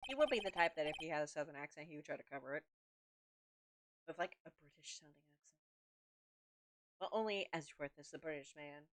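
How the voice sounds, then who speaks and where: A woman's voice: animated, fast, pauses often, no room sound. A woman streamer making joking, casual asides during a game playthrough. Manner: playful, joking asides, lower and quieter.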